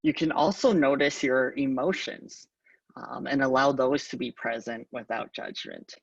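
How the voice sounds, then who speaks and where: A man giving a calm conference talk on mindfulness, halting often with ums, recorded from a distance on a dull lo-fi recording. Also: medium pitch, creaky, husky, no room sound. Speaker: conference speaker.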